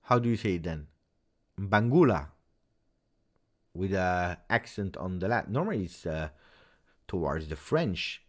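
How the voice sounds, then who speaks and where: A man's voice: deep voice, normal speed. A man hosting a live football reaction stream, reading viewer comments and thinking aloud with lots of "eh?" and "uh". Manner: animated, thinks aloud with many uhs and tag questions. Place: home streaming setup in Belgium.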